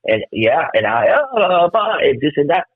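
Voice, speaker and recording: A man in his fifties from Cuba, telling stories as a guest musician in an excitable, rambling way, swearing a lot. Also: fairly high pitch, a little slow, husky, no echo. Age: 50s. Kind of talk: casual storytelling interview. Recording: tinny phone-like call line.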